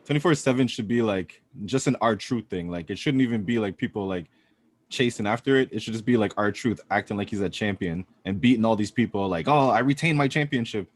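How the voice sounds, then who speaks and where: Man, low voice, casual podcast chat, acts out quotes. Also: fairly quick, no echo. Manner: animated storytelling, acts out quotes. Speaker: podcast co-host.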